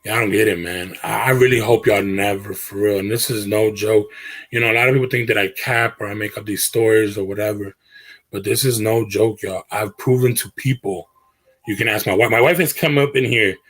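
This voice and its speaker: A man's voice: lowish voice, a bit bright, poor audio. Slangy man chatting on a livestream. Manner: slangy, earnest, often trailing off and restarting. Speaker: livestream host. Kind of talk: casual livestream chat with viewers. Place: his bedroom at home.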